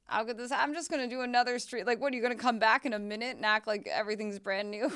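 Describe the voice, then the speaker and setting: A woman's voice: on the high side, fairly even intonation, fast talker, fairly bright tone, smooth. A young woman streaming a game, chatting casually, swearing and laughing as she plays. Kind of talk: casual gameplay chat.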